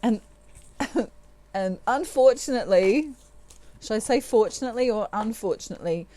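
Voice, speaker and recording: A woman's voice: fairly high pitch, animated, normal speed, warm tone. A middle-aged woman giving a tarot reading, laughing often and acting out quoted lines. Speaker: tarot reader.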